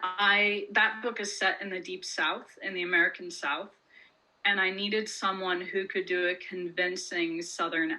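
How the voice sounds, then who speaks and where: A woman author talking loosely in an interview, her voice bright and forward. She rambles a little, peppering her thoughts with "like" and "um", and laughs easily as she goes. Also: lowish voice, rough recording. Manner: chatty, lots of "like" and "um", laughs often. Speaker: author guest. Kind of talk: casual interview chat.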